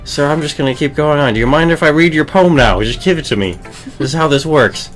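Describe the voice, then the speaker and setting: A man's voice: on the high side, quick pace, faint music behind. A man hosting a game playthrough, reading the text aloud with playful, rambling, mock-indignant asides. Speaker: gaming channel host.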